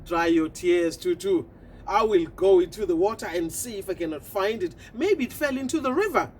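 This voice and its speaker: A woman voicing a polite, brave male wild duck in a storybook tale, brisk and courteous. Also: mid-range voice, animated, darkish tone, slight background noise, natural voice.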